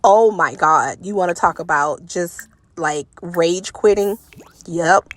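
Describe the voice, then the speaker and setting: A woman hosting a let's play, commenting on the game in an exasperated, animated way and talking to the characters on screen. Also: lowish voice, slow. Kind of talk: gameplay commentary.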